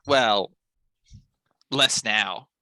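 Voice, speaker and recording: A man playing a tabletop game, blunt and quick with his retorts. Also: fairly low pitch, pushed and bright. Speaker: player. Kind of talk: casual tabletop play.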